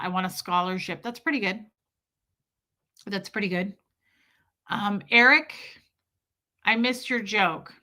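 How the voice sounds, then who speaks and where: Bright-voiced woman chatting with her live chat. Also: mid-range voice, measured pace, long pauses. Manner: chatty, laughing, reads viewer comments aloud. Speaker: livestream host reading chat. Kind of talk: casual live-stream chat.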